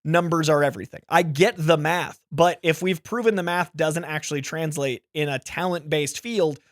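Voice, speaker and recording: High-voiced, earnest male podcast co-host. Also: normal speed, no echo, studio quality. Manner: earnest, stammering restarts. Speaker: podcast co-host, film journalist. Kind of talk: casual chat.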